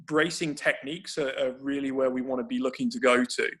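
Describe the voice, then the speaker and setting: A man's voice: medium pitch, steady tone, brisk, fairly bright tone. A man explaining breathing techniques for grappling over a video call, thinking aloud with frequent restarts. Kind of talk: explanatory conversation.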